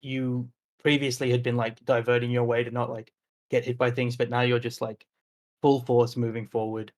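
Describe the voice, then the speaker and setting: A man's voice: mid-range voice, level tone, moderate pace, darkish tone. A man running a tabletop role-playing game, narrating the scene in a descriptive way, with frequent "uh" and "like" fillers. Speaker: game master.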